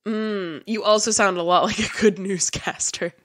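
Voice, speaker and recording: A woman's voice: medium pitch, fairly even intonation, moderate pace, fairly bright tone. A woman co-hosting a comedy podcast, chatting casually and joking, laughing often. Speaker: podcast co-host.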